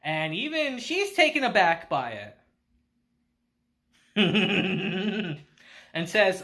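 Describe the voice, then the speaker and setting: A man casually recapping an anime episode, chatty and animated, laughing often. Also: high voice, very slow, pauses often. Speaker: anime reviewer.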